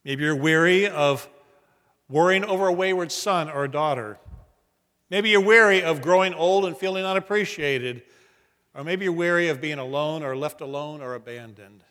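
A middle-aged man, a senior pastor, preaching a sermon in a church sanctuary and shifting between soft and emphatic delivery. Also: on the high side, moderate pace. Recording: long hall reverb.

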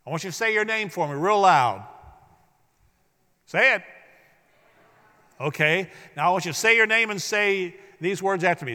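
A man's voice: high-pitched, lively intonation, moderate pace, long pauses, pushed and bright. A man preaching a sermon as pastor, leading the congregation in repeating lines back to him. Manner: preaching, leads the congregation in call-and-response. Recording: echoey hall.

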